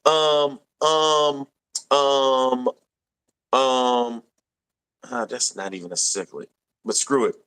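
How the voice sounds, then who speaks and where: A man's voice: mid-range voice, steady tone, drawn-out words, long pauses, fairly bright tone, smooth. A young man hosting a casual live stream, reading viewer comments aloud with a laid-back, laughing manner.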